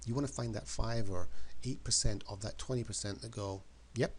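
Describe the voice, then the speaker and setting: A man's voice: fairly low pitch, fairly even intonation, brisk, slight background noise. A man giving an emphatic motivational talk, often repeating words and questions for effect. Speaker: motivational speaker.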